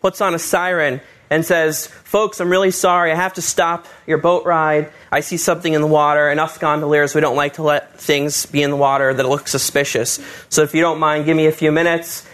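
A man tells a personal story to an audience, lively and expressive, and he leans into the voices of the people he quotes. His voice sits a little high for a man. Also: fairly quick, few pauses. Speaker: husband telling his story.

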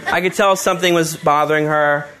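A man's voice: fairly high pitch, brisk, clean tone. A man telling a personal story about his proposal and family, acting out the people he quotes. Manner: animated storyteller, acts out quoted voices.

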